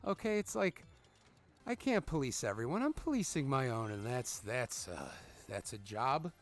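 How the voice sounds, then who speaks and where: A man's voice: mid-range voice, big pitch swings, moderate pace, soft background music. A man in his thirties hosting gameplay commentary, telling a parenting story in a profane, ranting way with exasperated reactions to the game. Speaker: gaming channel host.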